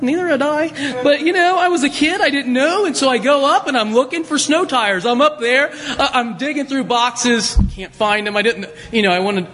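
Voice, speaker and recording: A man's voice: extremely high pitch, fairly bright tone. A man telling a story to an audience in a conversational way, with frequent restarts, recorded in an echoey hall. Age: adult, worked a job at seventeen years ago. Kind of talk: storytelling illustration in a talk.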